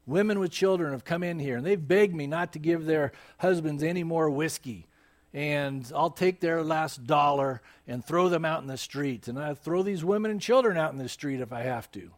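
A man's voice: on the high side, moderate pace, natural voice. A male preacher voicing a hardened man who owns a gambling hall, telling of his crimes in a pleading, insistent way. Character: hardened male gambling-hall owner, menacing then broken.

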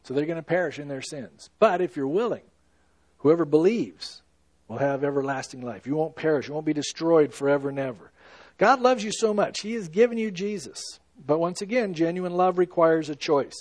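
Male pastor delivering a sermon, earnest and emphatic, fairly high voice, dry close sound. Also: lively intonation, normal speed, no room sound. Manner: earnest, emphatic preaching with swings between loud and hushed.

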